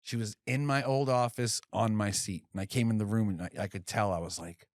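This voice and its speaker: A man in his forties co-hosting a podcast in casual chat, excitable and profane. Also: on the low side, fairly quick, dry recording. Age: 40s. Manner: excitable, profane, acts out animal voices in quotes. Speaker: podcast co-host.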